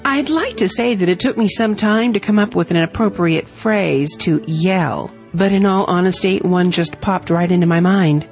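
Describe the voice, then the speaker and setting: A woman reading her own heartfelt family story aloud in a gentle storytelling manner. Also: lowish voice, normal speed, few pauses, faint music behind. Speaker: story reader.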